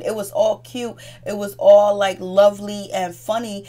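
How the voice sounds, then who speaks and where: A woman's voice: mid-range voice, little pitch movement, moderate pace, warm tone. Woman doing a casual gossipy tv recap, chatty, keeps restarting her sentences. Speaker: TV recap host.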